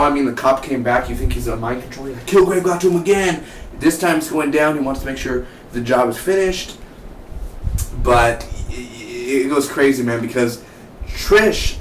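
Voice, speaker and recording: A young man talks through an episode review in a loose, rambling way, restarting his sentences often. He sits well back from the microphone in an echoey room, with a faint hiss underneath. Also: mid-range voice. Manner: rambling, chatty, many restarts. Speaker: TV show reviewer. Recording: roomy, distant mic, faint hiss.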